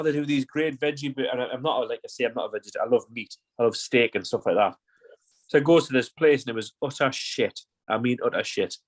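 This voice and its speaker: A man, a podcast guest, telling rambling, sweary stories in casual chat. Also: mid-range voice.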